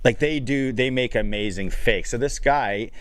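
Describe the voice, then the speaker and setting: A man on a sports radio show, telling a long story in an animated, rambling way with lots of restarts. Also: medium pitch, moderate pace, clear, resonant tone, no echo. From Canada. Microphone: studio microphone.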